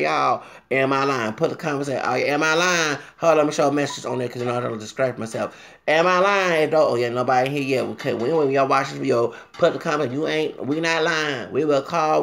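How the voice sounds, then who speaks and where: A man ranting to his viewers in a vlog, swinging between loud outbursts and low muttering, often repeating himself and talking straight to the audience. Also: creaky. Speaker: vlogger.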